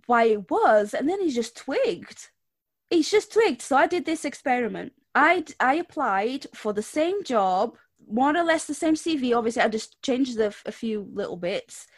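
Woman, from Portugal, conversational guest, somewhat high voice. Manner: conversational, checks in with "okay?". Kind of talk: casual chat.

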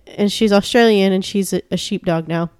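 A woman's voice: mid-range voice, moderate pace, a little mellow, smooth, no echo. A woman co-hosting a casual chat show, gushing and chatty with lots of fillers and restarts.

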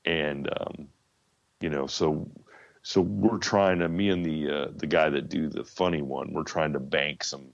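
A man's voice: extremely low pitch, fairly even intonation, unhurried, gravelly, highs cut off, a little hiss or hum. A man as a podcast guest, chatting in an easygoing, rambling way. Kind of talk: casual chat.

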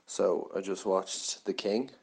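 A young man talks through a film review in a relaxed, rambling way, leaning on fillers as he goes. His voice sits very low. He sounds like a podcast host chatting off the cuff. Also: slow pace, vocal fry.

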